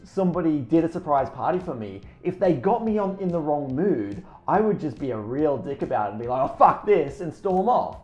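Guy cohost swearing and joking, pitch jumps around, echoey dull mic. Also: very animated, brisk, hardly any pauses, dark tone. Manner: swearing, jokey, acts out voices. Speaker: podcast co-host. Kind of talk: casual chat. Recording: roomy, slightly dull sound with faint music.

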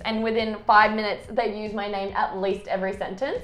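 A woman's voice: medium pitch, animated, fairly quick, hardly any pauses. A woman co-hosting a casual chat show. She tells stories with animation and acts out what other people said. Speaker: podcast co-host. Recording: echoey room, faint music.

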